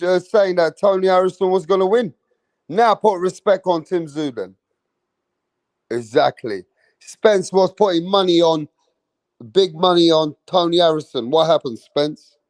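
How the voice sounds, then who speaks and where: A man's voice: fairly high pitch, a little mellow, dry recording. Brash, boastful man hosting a boxing live stream. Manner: boastful, brash and profane, addressing the chat. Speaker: boxing channel host.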